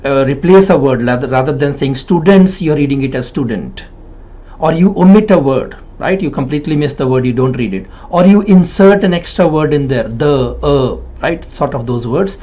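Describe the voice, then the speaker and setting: In a slightly dull lo-fi recording, a man with a mid-range, somewhat mellow voice teaches a spoken PTE and IELTS exam-coaching lesson. He coaches emphatically, like a Hindi-speaking man, hammering points home through repetition and a frequent "right?"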